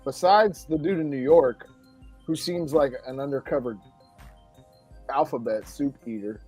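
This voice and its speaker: A man's voice: medium pitch, measured pace, darkish tone, husky, faint music behind. A man hosting a casual podcast, rambling and often laughing as he talks. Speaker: podcast host. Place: home studio, Florida.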